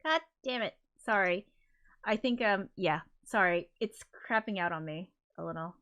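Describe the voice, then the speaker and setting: Woman streaming live, flustered and sorry, mutters swears, middle pitch. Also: moderate pace, fairly bright tone, muffled recording. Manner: flustered, apologetic, swears under her breath. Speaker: livestream host. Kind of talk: casual livestream chat.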